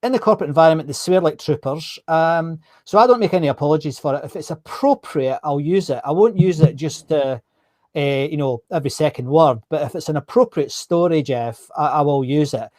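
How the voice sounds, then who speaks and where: A man's voice: a little high, brisk, darkish tone, no room sound, clean studio sound. A Scottish man hosting a live-streamed interview, chatting casually, correcting himself and reading out viewer comments. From Scotland. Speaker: host.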